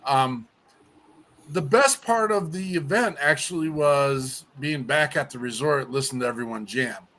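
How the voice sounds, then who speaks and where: A man's voice: mid-range voice, a little slow, bright, forceful tone. A musician guest, a man, chatting casually on a podcast and telling a story with stutters, restarts and filler words.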